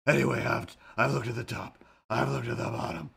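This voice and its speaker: A man's voice: medium pitch, moderate pace, creaky, a bit bright, husky. A man hosting a casual live stream, rambling and joking as he talks to his chat.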